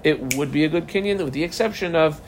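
A man giving a casual, lively Talmud lesson, mixing Hebrew terms into conversational English. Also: fairly high pitch, fast talker, slight background noise. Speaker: Talmud teacher.

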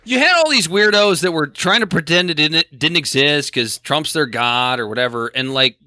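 A man co-hosting a podcast, talking in casual, animated and exasperated bursts about politics. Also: a little high, dry recording, clean studio sound. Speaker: podcast co-host.

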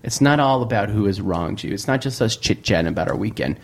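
A young man hosting a casual comedy podcast, telling stories in a lively, profane way. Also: fairly low pitch, fast talker. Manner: animated, profane storytelling with mock chanting. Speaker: podcast host.

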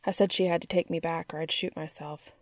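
A woman's voice: on the low side, fairly even intonation, brisk, no room sound, studio quality, close to an everyday voice. A woman reading the lines of a troubled, guarded man who halts and pushes through a raw confession. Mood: confessional.

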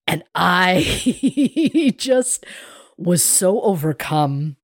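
Lively woman co-host telling a story. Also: on the low side, drawn-out words, dry recording. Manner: animated storyteller, acts out quoted voices. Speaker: podcast co-host. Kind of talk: casual chat.

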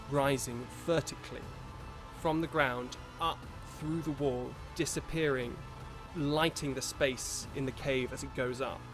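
A British man narrating a tabletop game as dungeon master, describing scenes in a slow, hushed way. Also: medium pitch.

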